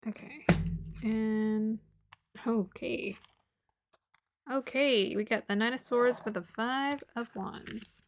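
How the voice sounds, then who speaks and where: A woman's voice: a little high, takes it slowly, pauses often, background noise. A woman giving a casual tarot reading to her viewers, musing aloud, laughing often and sometimes dropping to a murmur. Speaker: tarot reader.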